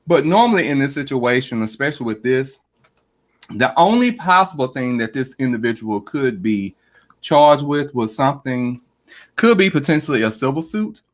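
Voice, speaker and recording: Animated podcast host, lively pitch. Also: male voice, moderate pace. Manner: animated, swearing, laughs often. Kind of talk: casual group chat.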